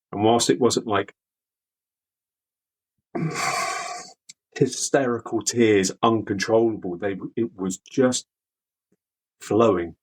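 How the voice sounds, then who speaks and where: A man from the UK, a veteran guest, speaking candidly in an interview with halting, repeated words. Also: fairly low pitch, low-quality recording. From United Kingdom.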